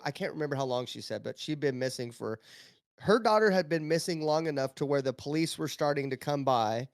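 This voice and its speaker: A man's voice: fairly high pitch, brisk, no echo, clean studio sound. A man telling stories as a guest on a casual podcast, with many restarts. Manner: storytelling, animated, many restarts.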